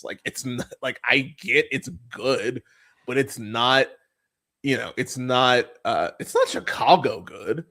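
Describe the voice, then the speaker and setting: A man with a medium-pitched, animated, slightly bright voice hosts a podcast. His talk is a casual, rambling, profane chat full of fillers and restarts that make it halting.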